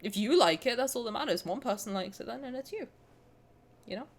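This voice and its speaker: A woman in her twenties chats casually on a stream while reading comments, sounding out of breath. Her slightly high voice is expressive and a little fast, and she rambles with restarts and laughter.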